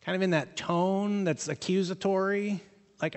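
A man delivers a sermon in an easy, conversational way, joking with the congregation as he goes. His voice sits a little high for a man. The sound carries the long reverb of a large church sanctuary. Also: measured pace. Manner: conversational, animated, jokey asides to the congregation. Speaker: pastor.

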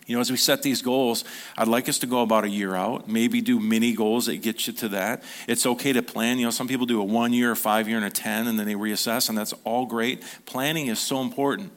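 Steady in tone and fairly quick, this medium-pitched male voice is a middle-aged pastor giving his congregation an informal, conversational sermon. He frequently restarts sentences and acts out brief quotes.

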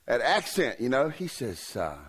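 A man's voice: mid-range voice, sing-song, normal speed, fairly bright tone, breathy edge. A man, a revival preacher telling a joke story in a folksy, joking way. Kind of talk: humorous sermon storytelling.

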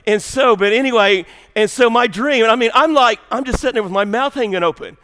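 High-voiced pastor, shouting then hushed. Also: male voice, a little fast, hardly any pauses. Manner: animated, swings from shouting to hushed. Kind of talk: sermon with comic storytelling.

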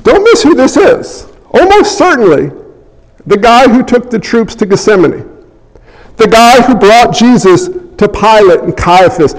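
A man preaching a sermon as a pastor, in an animated way, acting out scenes and little voices as he goes. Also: high-pitched, a little slow. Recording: long hall reverb.

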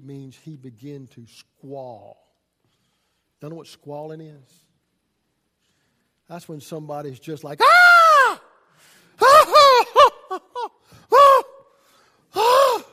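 A man preaching a sermon as a pastor, folksy and swinging from loud emphasis to hushed asides. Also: a little high, slow.

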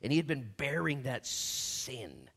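A middle-aged male pastor preaching a sermon in a lively, animated way, acting out the voices of people in the story. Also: mid-range voice, unhurried, vocal fry.

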